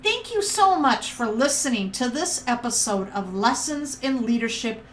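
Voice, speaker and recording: High-voiced, upbeat woman giving a lesson. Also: lively intonation, normal speed, fairly bright tone, slight background noise. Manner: upbeat, enthusiastic, encouraging. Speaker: podcast host teaching leadership. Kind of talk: scripted motivational lesson.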